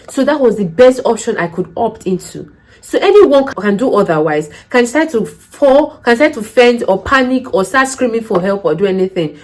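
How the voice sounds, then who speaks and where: Animated woman giving career advice. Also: mid-range voice, low-quality recording. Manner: animated, acts out quoted dialogue, emphatic rhetorical questions. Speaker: care worker giving job interview advice. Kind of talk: casual advice vlog with storytelling.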